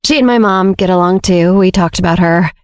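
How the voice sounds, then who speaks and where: A woman's voice: on the low side, brisk, no room sound, lightly acted. A woman voicing a nervous, awkward young man who stammers and rambles, in an audiobook. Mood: flustered. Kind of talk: audiobook character voice.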